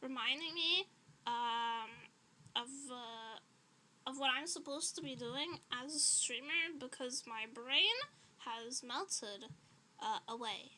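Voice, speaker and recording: A chatty woman livestreamer with a high, piercingly bright voice. She rambles at an unhurried pace, laughing often and sounding a little out of breath. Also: slight background noise. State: slightly out of breath. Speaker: streamer. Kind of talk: casual livestream chat.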